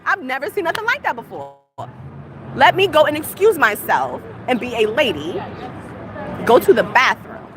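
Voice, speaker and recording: A woman with a high, very animated voice vlogs outdoors at a moderate pace, upset and venting as she heads down a city street to a train. She coughs dryly, clears her throat, and asks lots of rhetorical questions. The rough recording picks up crowd and street noise.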